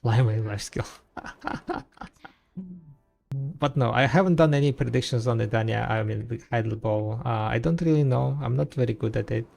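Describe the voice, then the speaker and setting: A man talks casually to his viewers while he plays, rambling along with lots of "uh" and "like" and restarting his sentences. His mid-range voice has a gravelly edge. Soft music plays faintly under his talk. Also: medium pitch, normal speed. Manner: rambling and laid-back, heavy with fillers and restarts. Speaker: game streamer. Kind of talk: casual gaming stream chat.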